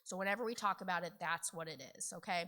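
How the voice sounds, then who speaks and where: A middle-aged woman giving a conference training talk, telling a story in an animated way with frequent laughs and "okay?" asides. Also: lowish voice, fast talker. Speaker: conference presenter on county finance.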